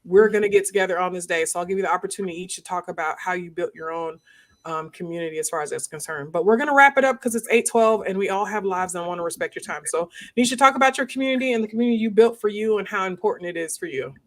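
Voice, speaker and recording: Woman host, casual live-stream chat, animated, jumps up in pitch for jokes. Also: rapid-fire. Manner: animated, laughing, rising to high pitch when joking.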